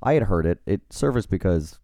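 A man co-hosting a casual podcast, telling stories in a relaxed, wry way, with many fillers. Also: deep voice, brisk, no echo, studio quality. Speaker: podcast co-host and writer.

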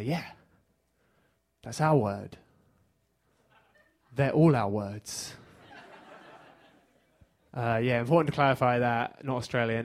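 A stand-up comedian from England performs a set on a theater stage, his voice at an ordinary middle pitch. His delivery is dry and deadpan, letting each joke land flat.

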